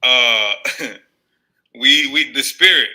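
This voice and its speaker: A man's voice: medium pitch, extremely slow, bright, forceful tone, poor audio. A man commenting casually on a clip in a played video, loose and often laughing as he stumbles over words.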